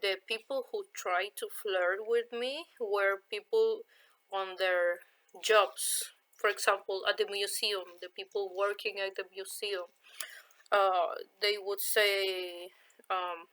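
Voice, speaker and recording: A woman's voice: mid-range voice, steady tone, fairly bright tone, poor audio. A woman from Chile with a Chilean Spanish accent, chatting casually and hesitantly as she answers viewer questions in her vlog. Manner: unhurried, hesitant, many fillers. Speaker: vlogger.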